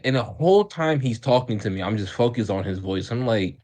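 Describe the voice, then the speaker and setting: With a lowish voice, a moderate pace and hardly any pauses, the man co-hosting this podcast tells a story from his childhood. It's rambling and casual, packed with restarts and fillers, and he laughs a lot.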